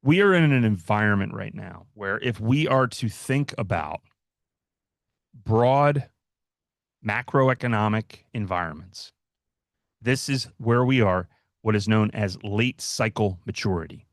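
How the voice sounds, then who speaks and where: A man's voice: on the low side, animated, normal speed, dry recording, clean studio sound. A man hosting a livestream, giving casual market commentary as he walks through stock charts, with fillers and restarts. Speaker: market analyst host.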